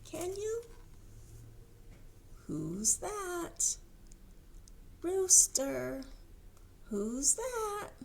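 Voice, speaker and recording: A children's librarian reading a storybook aloud to small children in a sing-song way, making animal noises. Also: female voice, high voice, a little mellow.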